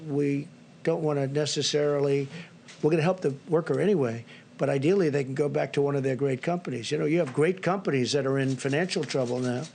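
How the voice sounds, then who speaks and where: A man's voice: fairly high pitch, vocal fry, a little mellow, a little hiss or hum. An older man giving remarks at a press briefing, rambling and repetitive, piling on superlatives. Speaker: briefing speaker at press podium.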